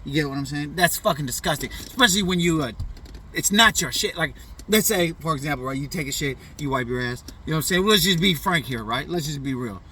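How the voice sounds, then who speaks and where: A man's voice: a little high, expressive, quick pace, pushed and bright, recorded from a distance, slight background noise. A middle-aged man casually telling a funny childhood story in loose, profane slang, often tossing in "you know what I'm saying.". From US Pacific Northwest. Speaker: vlogger.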